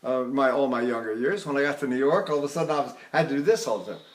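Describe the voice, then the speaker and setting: A man's voice: mid-range voice, rapid-fire. An older man teaching vocal technique in a recorded lecture, talking casually and breaking into sung vowels to demonstrate. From Texas.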